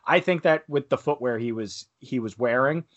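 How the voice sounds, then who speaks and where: A man's voice: medium pitch, moderate pace, muffled recording. A man co-hosting a casual wrestling chat, rambling and full of fillers. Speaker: podcast co-host.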